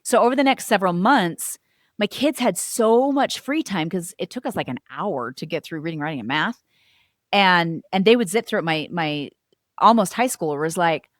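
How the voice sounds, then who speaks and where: A middle-aged woman, a former teacher and homeschooling mother, telling her family's story in an interview, animated and acting out what others said. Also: fairly low pitch, moderate pace, dry recording, clean studio sound. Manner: animated, acts out quoted voices.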